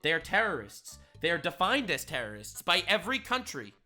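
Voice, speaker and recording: A man giving sarcastic, mocking reaction commentary on a video clip, excitable and quick to ridicule. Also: a little high, soft background music. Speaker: commentary YouTuber.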